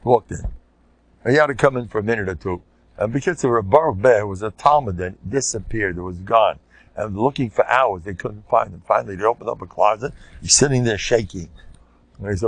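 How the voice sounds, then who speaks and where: An older man with an American Orthodox Jewish English accent, a rabbi telling stories in an informal Torah class and bursting into loud shouted quotes. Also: on the low side, a little fast, no echo. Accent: American Orthodox Jewish English with Yiddish words. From United States.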